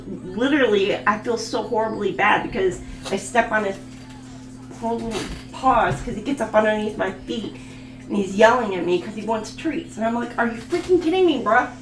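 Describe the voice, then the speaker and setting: A woman doing a casual tarot reading at home, talking slowly and loosely with plenty of fillers and easy laughs. Her voice sits in a middle range. The room has a noticeable echo and faint music underneath. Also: mid-range voice. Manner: chatty, laughing, rambling with many fillers. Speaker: tarot reader.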